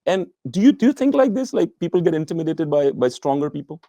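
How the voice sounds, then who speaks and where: A man hosting a podcast who puts long questions to his guest, stopping and restarting as he works them out. His voice is mellow and dark, and the recording is dry and close, with almost no room sound. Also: on the high side, sing-song, dry recording. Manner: halting, restarts questions, thinks aloud. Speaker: podcast host. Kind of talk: interview questions.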